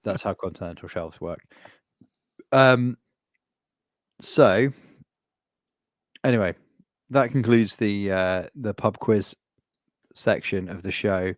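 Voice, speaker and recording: A man's voice: on the low side, slow, pauses often, no echo, clean studio sound. A man co-hosting a casual podcast, teasing the others in a wry, mock-formal way. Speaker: podcast co-host.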